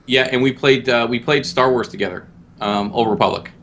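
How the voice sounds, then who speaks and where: A man's voice: mid-range voice, fairly quick, fairly bright tone, a little hiss or hum. A man guest co-hosting a casual gaming podcast, talking in a brash, joking way with plenty of swearing. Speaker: guest co-host.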